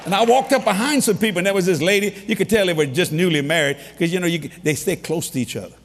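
A man preaching a sermon, telling stories with humor and bursts of shouting. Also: sits high, fast, long reverb tail, slight background noise. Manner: animated storytelling with humor and sudden shouts.

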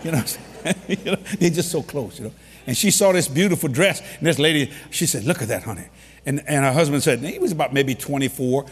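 A man preaching a sermon, telling stories with humor and bursts of shouting. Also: fairly high pitch, quick pace, slightly rough, in a large hall. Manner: animated storytelling with humor and sudden shouts.

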